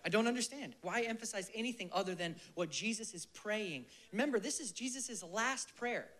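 Preaching with passion in a high voice, this man alternates forceful outbursts with quiet near-whispers. Now and then he leads the congregation in a slow, gentle prayer.

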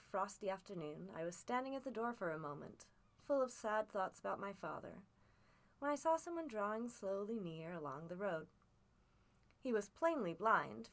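A woman narrating a classic adventure novel aloud, in a measured, expressive reading. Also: mid-range voice. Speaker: audiobook reader. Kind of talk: storybook narration.

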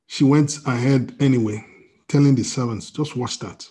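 Husky storytelling male pastor. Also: medium pitch, moderate pace. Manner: storytelling with quoted dialogue, wide swings in loudness. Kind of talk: sermon. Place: church service via video call.

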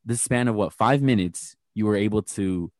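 Low-voiced man ranting on a podcast. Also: normal speed, no echo, clean studio sound. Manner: blunt, profane, rambling with fillers. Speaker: podcast co-host. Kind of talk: casual chat.

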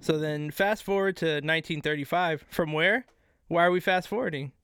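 A man co-hosting a casual podcast, telling history in a profane, excitable way. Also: a little high, normal speed, smooth, dry recording. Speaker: podcast co-host. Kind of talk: casual chat.

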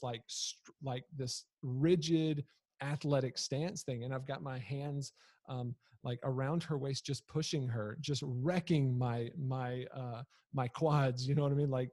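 A man's voice: mid-range voice, a little mellow, no room sound. A man in his thirties telling a humorous personal story about his family in a casual, conversational way. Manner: conversational, frequent fillers and restarts, humorous. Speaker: storyteller, father.

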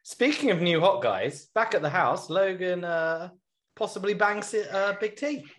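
A man hosts a casual podcast, recapping scenes with jokes and playful mock voices. His voice sits a little high and swings up and down a lot. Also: animated, normal speed, fairly bright tone, slight background noise. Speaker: podcast host.

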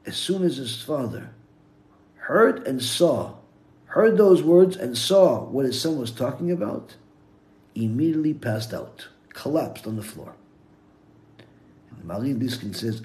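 Male rabbi, Torah lecture, mid-range voice, dramatic shifts from quiet to forceful, Hebrew terms throughout. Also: mid-range voice, big pitch swings, a little slow, long pauses. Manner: storytelling with big swings from hushed to loud; peppers English with Hebrew terms.

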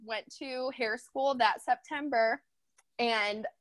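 A woman in her twenties, a guest telling her story in a casual chat, animated and quick to laugh as she acts out her own past thoughts. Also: on the high side, no room sound. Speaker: guest, hairstylist.

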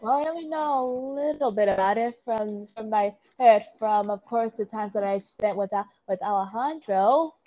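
A woman's voice: mid-range voice, moderate pace, few pauses, soft background music, natural voice. A friendly teenage girl gives hesitant advice, as a woman voices her in a fan role-play. She trails off and second-guesses herself. The sound is dull and lo-fi. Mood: earnest.

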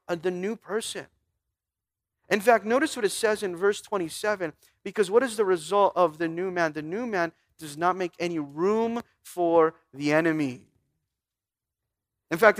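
A man's voice: high-pitched, a bit bright. A pastor preaching a sermon, asking his listeners questions and reading scripture aloud, with emphatic repeats. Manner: emphatic, with repeated stumbles and restarts.

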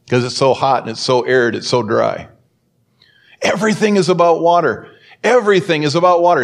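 A man preaching a sermon as pastor, telling a story and acting out the quoted voices with big swings in pitch.

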